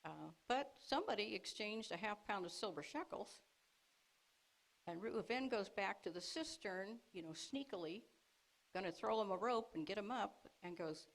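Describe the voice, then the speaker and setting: A woman preaching to a congregation, retelling a scripture story in a lively way, acting out the characters' lines and laughing along. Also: medium pitch, normal speed, rough recording. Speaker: speaker at a congregation service. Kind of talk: teaching sermon.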